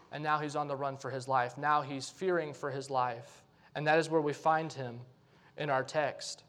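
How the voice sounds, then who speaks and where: A man's voice: high voice, fairly bright tone. A man preaching a sermon, earnest, and pleading when he voices the prayers, with frequent "right?" asides to the congregation.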